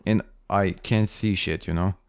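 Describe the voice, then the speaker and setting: A man's voice: sits low, steady tone, measured pace, clear, resonant tone. A man from Croatia in casual podcast chat, blunt and swearing. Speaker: podcast co-host.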